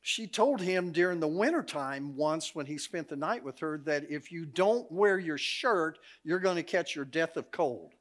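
A man's voice: on the high side, expressive, moderate pace, hardly any pauses. A middle-aged man, preaching as a guest speaker in a church, telling folksy stories with a joking, laughing manner. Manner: folksy, jokey storyteller, laughs often. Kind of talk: sermon with storytelling. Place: church sanctuary.

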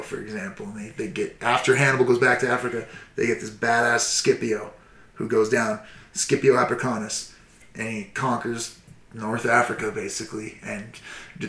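Casting: male storyteller, loose and profane, lively delivery, mid-pitched, recorded with roomy echo. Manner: profane, animated, acts out shouts and quotes. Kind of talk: casual history storytelling.

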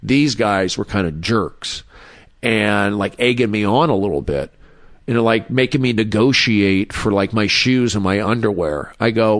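Recorded cleanly in a studio without room sound, a comedian guest with a lowish voice recounts a personal story at a moderate pace during a podcast interview. His delivery is casual and meandering, with lots of fillers and false starts.

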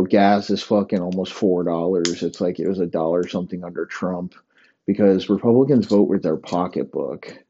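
A man's voice: lowish voice, mellow, muffled recording. A man hosting a solo comedy podcast, rambling and provocative, swearing constantly. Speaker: podcast host.

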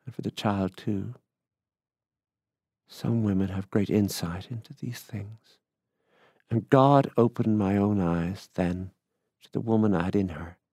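A man's voice: lowish voice, measured pace, long pauses, warm tone, no room sound. A man reading as a middle-aged rural widower who confides his story in a plain, musing way.

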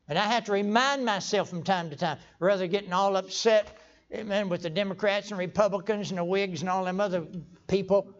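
An older man delivers a folksy church sermon, stumbling through restarts and bursting into sudden emphatic outbursts. His voice is high and a little fast, captured on a dull, lo-fi recording.

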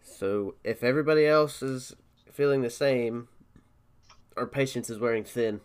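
Male podcast host, clear smooth voice, laid-back casual delivery. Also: mid-range voice, normal speed. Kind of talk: casual chat.

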